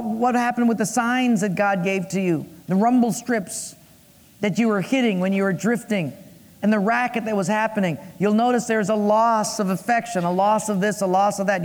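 A male pastor preaching a sermon, playful, acting out voices and dropping puns. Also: high-pitched. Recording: long echo of a large hall.

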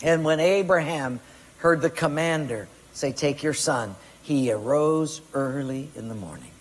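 A male pastor preaches with emphasis, pressing the congregation with question after question. His voice sits high for a man, and the long reverb of a big hall trails every phrase. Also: a little slow. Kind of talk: sermon.

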